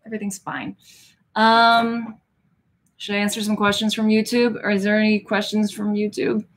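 A woman's voice: medium pitch, flat delivery, moderate pace, slight background noise. Woman, Russian native, livestream host, chatty, rambling, casual home chat, faint background ambience. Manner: chatty and rambling, with many restarts. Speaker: livestream host signing autographs. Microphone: headphones.

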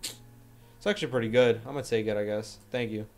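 A man's voice: mid-range voice, steady tone, brisk. Laid-back young man chatting on stream. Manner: laid-back, joking, slangy, reads chat aloud. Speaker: livestreamer. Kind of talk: casual livestream chat.

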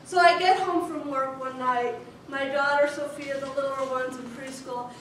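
A woman in her thirties from Chicago, giving a humorous speech to an audience with a wry, deliberate storytelling manner. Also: high-pitched, steady tone, a bit bright. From Chicago, USA. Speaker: contest speaker. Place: large echoey hall before an audience. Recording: echoey hall, distant mic, noisy.

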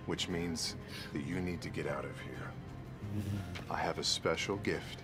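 A man's voice: sits low, measured pace, creaky, over music. A man playing in a tabletop game, speaking earnestly and tenderly in character as a father. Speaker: player. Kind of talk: in-character role-play.

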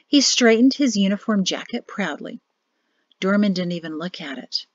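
A woman author reading her own novel aloud in steady audiobook narration. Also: mid-range voice, moderate pace, no echo. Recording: dull lo-fi dry audio.

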